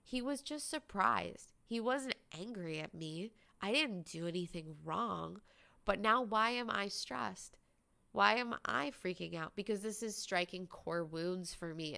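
A woman's voice: fairly low pitch, gravelly, sharp tone. A woman podcast host telling a personal story in a candid, conversational way, full of "like" fillers.

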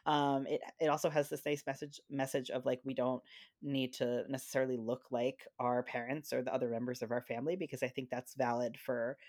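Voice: medium pitch, flat delivery, fairly quick, darkish tone, no room sound, studio quality. A podcast host chatting casually about a children's book, with frequent laughter. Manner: chatty, with many fillers and restarts, often laughing. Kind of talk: casual chat.

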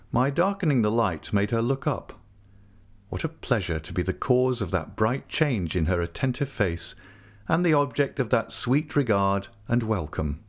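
A man reading a classic novel aloud in an expressive, heartfelt first-person audiobook style. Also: medium pitch. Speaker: audiobook narrator.

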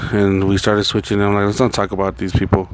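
A man's voice: fairly low pitch, monotone, a little fast, background noise. A young adult man telling a story casually and profanely, rambling and acting out the dialogue.

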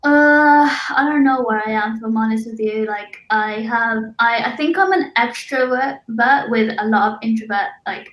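A woman's voice: fairly high pitch, normal speed, hardly any pauses, fairly bright tone. A young woman, a graphic designer, chatting casually as a guest, laughing often and saying "like" a lot. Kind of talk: casual conversation. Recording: echoey room.

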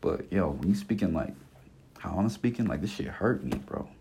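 Very animated yet at a moderate pace, this podcast host in his twenties tears into a blunt solo rant full of slang and profanity, returning again and again to his points. His low voice is gravelly and mellow, with a breathy edge.

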